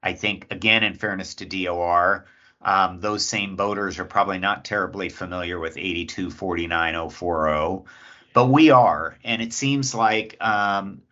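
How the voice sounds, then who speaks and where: A man, speaking as a state lobbyist at an agency hearing, polite and measured with many pauses. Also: deep voice, pushed and bright, dull audio. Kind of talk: public comment at agency hearing.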